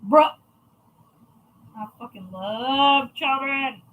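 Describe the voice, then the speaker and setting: A woman's voice: high-pitched, measured pace, fairly bright tone, rough recording. A young adult woman chatting casually to viewers, blunt and chatty with frequent swearing. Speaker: crafting channel host.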